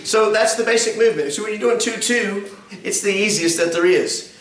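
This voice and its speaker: In a classroom, a male music instructor teaches song leading, counting out beats and singing lines from hymns as demonstration. His voice is high, a little fast, and slightly bright. The mic sits far away in an echoey room, and faint music plays in the background.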